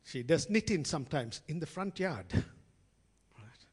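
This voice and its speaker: A man delivers a sermon in a warm, conversational way, addressing his listeners as friends and slipping into the voices of the people in his stories. His voice sits a little high and moves up and down a lot. A long reverb trails behind every phrase, as in a large hall. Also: very animated, takes it slowly, breathy edge. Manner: acts out quoted voices in storytelling. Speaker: preacher. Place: church hall.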